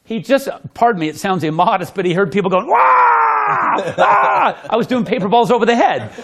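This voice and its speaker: A man with a high, very lively voice tells magic stories and jokes to a small indoor audience. He laughs as he talks and loudly acts out what people said, then demonstrates a trick. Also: quick pace. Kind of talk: animated storytelling with demonstration.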